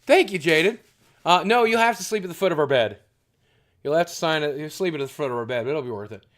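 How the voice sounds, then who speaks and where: A man's voice: on the high side, lively intonation, fast talker, a bit bright. A man chatting casually and profanely with his stream chat while unboxing, cracking jokes. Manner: crude, profane, jokey.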